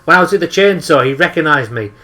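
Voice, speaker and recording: A young man with a Teesside accent chats casually on a podcast, spinning sweary stories. His voice is bright and a touch high, and he swears freely. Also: lively intonation, fast. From northeast England. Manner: swears often, tells anecdotes with acted-out quotes. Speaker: podcast co-host. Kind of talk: casual chat.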